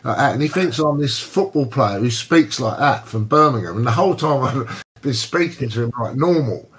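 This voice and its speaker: An English man hosting a casual online chat, telling lively anecdotes and slipping into voices for the people in them. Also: medium pitch, normal speed. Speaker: host.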